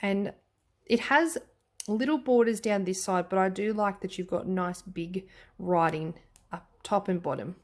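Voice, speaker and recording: Australian woman, casual vlog host, mid pitch, chatty and gushing, lots of filler words and little apologies. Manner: chatty and enthusiastic, frequent ums and quick self-corrections. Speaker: tarot deck reviewer. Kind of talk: casual tarot flip-through vlog.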